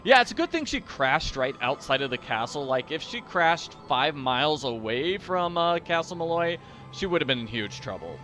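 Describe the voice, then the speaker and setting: A man's voice: fairly high pitch, very animated, normal speed, bright, forceful tone, soft background music. A man giving goofy, rambling, self-deprecating commentary as he plays a mystery game. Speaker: let's-play host. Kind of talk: casual gameplay commentary.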